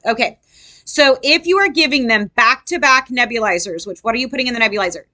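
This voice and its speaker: A woman's voice: on the high side, fast, sharp tone. A woman tutoring nursing students in a casual review lesson, quizzing them and acting out patients.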